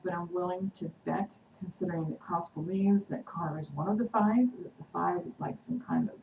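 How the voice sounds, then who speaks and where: A woman vlogger chatting through a TV episode recap, excitedly acting out the characters' quotes. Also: lowish voice, vocal fry. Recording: echoey room, distant mic, noisy.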